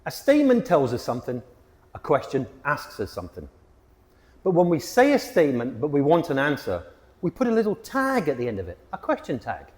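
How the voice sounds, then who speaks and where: A man teaching an English grammar lesson, with a clear and emphatic delivery. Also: a little high, huge pitch swings, fairly quick, darkish tone, long reverb tail. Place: hot location.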